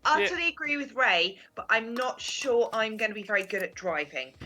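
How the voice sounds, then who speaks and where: A woman's voice: a little high, animated, brisk, sharp tone. A woman playing a tabletop game, earnestly thinking a plan through aloud. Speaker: player. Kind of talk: tabletop role-play.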